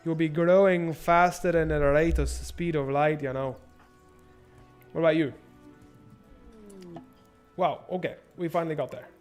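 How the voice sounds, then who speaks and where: A young man streaming a strategy game, swearing and thinking out loud as he plans and shops. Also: fairly high pitch, fairly even intonation, unhurried, pauses often, smooth, soft background music. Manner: profane, rambling, thinks out loud. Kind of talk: casual gameplay livestream commentary.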